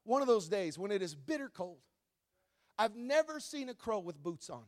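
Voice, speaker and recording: A male pastor from Wisconsin delivers a sermon, shifting between quiet teaching and loud, shouted exhortation. His voice sits high with big pitch swings, and he speaks at a normal speed.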